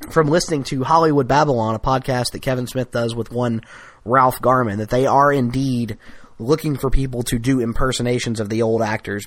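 A man's voice: medium pitch, no echo. A man co-hosting a podcast, chatting casually and enthusiastically, often restarting his sentences. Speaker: podcast co-host. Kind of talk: casual chat.

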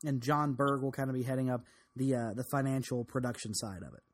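A man's voice: medium pitch, steady tone, fairly quick. A man co-hosting a podcast, chiming in casually with additions to the host's points. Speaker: podcast co-host. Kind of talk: casual chat.

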